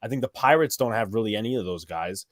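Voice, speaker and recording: A man co-hosting a casual sports call-in stream, rambling through stats with quick asides and blunt remarks. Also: lowish voice, lively intonation, no room sound, clean studio sound. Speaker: co-host.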